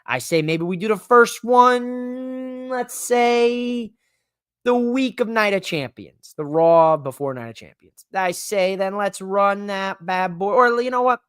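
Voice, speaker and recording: A man hosting a live-streamed podcast in a casual, excitable, rambling way, with emphatic bursts. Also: high voice, slow, clear, resonant tone, no echo, studio quality. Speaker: podcast host.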